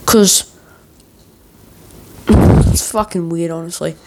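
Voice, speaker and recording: A man's voice: on the high side, steady tone, slow pace, vocal fry, dark tone. A man in a worked-up, profane ranting monologue, swearing nearly every sentence as a vlogger.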